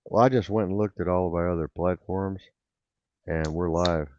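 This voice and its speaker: A man hosting a casual online radio chat, excitable and rambling, bragging about the show's growth. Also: sits low, moderate pace, highs cut off, noisy background. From rural farm upbringing. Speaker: host.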